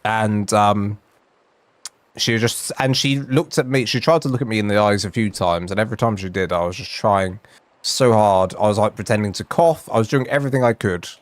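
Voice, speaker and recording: A man's voice: on the low side, moderate pace, dry recording. A young man streaming from home, telling a funny story in a chatty, self-mocking way. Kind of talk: casual storytelling while gaming. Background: faint game music.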